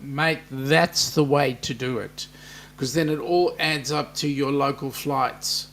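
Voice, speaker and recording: An Australian man with a slightly raised pitch chats casually on a live stream, reading out viewer comments one by one. He talks back to them in a loose, easygoing way, with lots of "mate" and "um". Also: slow, fairly bright tone. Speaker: livestream host reading chat. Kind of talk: casual livestream chat.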